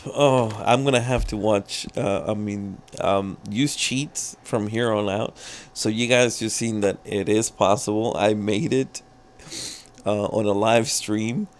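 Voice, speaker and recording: A man's voice: on the low side, steady tone, unhurried, a little hiss or hum. A man streaming live gameplay, commentating, swearing a lot and laughing at his own frustration. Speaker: gaming streamer.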